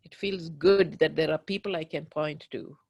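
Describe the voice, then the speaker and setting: A woman leading a guided tapping session, speaking slowly and emphatically as she voices raw anger and fear. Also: low voice, gravelly, darkish tone, breathy edge, no room sound. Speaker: tapping practitioner.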